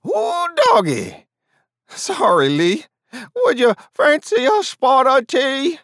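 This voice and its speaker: A man's voice: sits high, huge pitch swings, a little slow, a bit bright, dry recording, clean studio sound, voice pushed up, full character voice. A man voicing a drunk, rowdy rural man with a slurred, drawling voice. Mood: mocking. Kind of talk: audiobook character voice.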